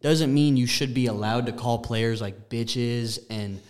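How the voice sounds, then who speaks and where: A man's voice: medium pitch, a little slow, a little mellow, smooth. A man co-hosting a sports podcast, easygoing and weighing both sides of an argument. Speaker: podcast co-host. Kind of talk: casual sports chat.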